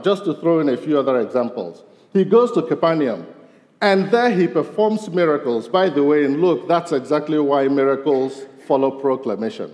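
A man preaching a sermon as pastor, his voice rising to stress points and falling low at the end of each. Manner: animated, voice rising for emphasis and dropping low at ends of points. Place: church sanctuary. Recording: long reverb of a large hall.

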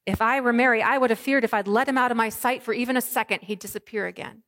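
Lady pastor giving a sermon, goes quiet then loud and rousing. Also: on the high side, steady tone, fast talker, no echo, studio quality. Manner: dramatic, varied delivery with soft hushed lines and ringing proclamations.

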